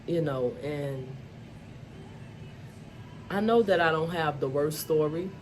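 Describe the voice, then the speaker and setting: A woman speaks slowly in a deep, darkish voice over slight background noise. She's an adult vlogger with school-age children, telling her own story to the camera in an open, emphatic manner and often dropping "you know" and "y'all."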